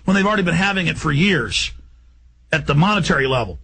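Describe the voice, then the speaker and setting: A man hosting a talk radio show, ranting rapidly in an agitated, emphatic way. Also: fairly high pitch, lively intonation, creaky, bright, forceful tone, husky, rough recording.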